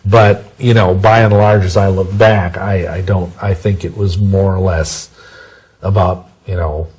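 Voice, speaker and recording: A man's voice: low-pitched, level tone, a little slow, a little mellow, husky, low-quality recording. A man answering interview questions in a rambling, self-correcting way, full of folksy sayings. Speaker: interview guest.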